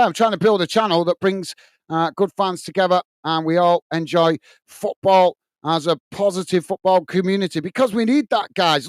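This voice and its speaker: A man with a high, smooth voice hosts a live football watch-along, talking earnestly to viewers with plenty of fillers and false starts. The sound is dry and close, as if from a headset at home. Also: no room sound. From England. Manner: chatty, restarting often with fillers, earnest. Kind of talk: live match commentary and chat. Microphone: headset earpiece.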